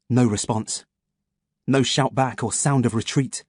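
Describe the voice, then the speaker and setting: A man narrating an audiobook in a steady, measured storytelling manner. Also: medium pitch, husky, dry recording, clean studio sound.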